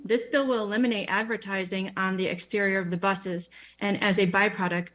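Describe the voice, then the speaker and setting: A woman reading a prepared public comment for a business at a council meeting, measured and formal. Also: mid-range voice, a bit bright.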